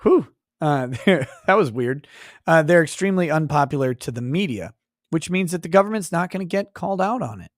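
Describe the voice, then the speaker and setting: A livestream host reads his chat aloud and launches into profane mock rants aimed at the chatters. His voice sits a little high and sounds animated, moving at a moderate pace. The recording is dry and studio quality.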